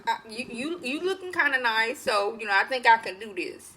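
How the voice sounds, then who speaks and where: A woman's voice: a little high, expressive, brisk, pushed and bright, low-quality recording. A woman voicing a young teenage queen who talks frankly and bluntly while retelling a show. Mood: sassy. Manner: sassy and blunt.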